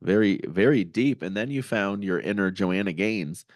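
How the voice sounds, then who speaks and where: A male podcast host speaks in a very low voice, recorded close and dry. He encourages his guest and affirms what she says, then steers the talk to the next topic. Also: lively intonation, normal speed, no echo. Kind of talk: casual interview conversation.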